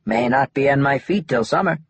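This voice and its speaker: A man voicing a lazy, grumbling older male distillery owner with a lilt, complaining in gruff clipped phrases. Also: mid-range voice, brisk, dry recording, close to an everyday voice.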